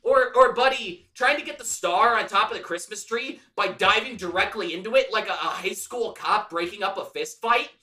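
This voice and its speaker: A man's voice: sits high, normal speed, few pauses, sharp tone, roomy sound, far from the mic. A man co-hosting a podcast, reviewing a film in casual, profane, enthusiastic chat. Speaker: podcast co-host.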